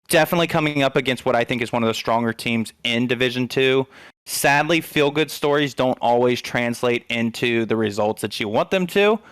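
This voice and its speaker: A man's voice: medium pitch, fairly bright tone, clean tone, dry recording. A man casting an esports league broadcast, chatty and upbeat, talking straight to the viewers in chat. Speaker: esports caster. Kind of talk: casual esports broadcast commentary.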